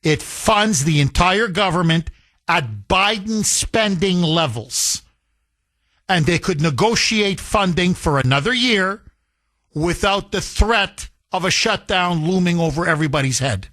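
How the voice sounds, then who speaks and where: A male talk radio host with a high, bright, forceful voice, delivering a combative monologue. He talks at a slow, deliberate pace and repeats phrases for emphasis. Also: animated.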